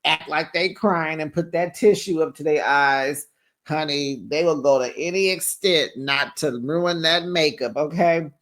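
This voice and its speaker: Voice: mid-range voice, a little slow, a bit bright. A reality TV recap host telling the story to viewers in a sassy, chatty way, full of slang asides and acted-out quotes. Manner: acts out quoted people in changed voices. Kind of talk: casual recap commentary to viewers.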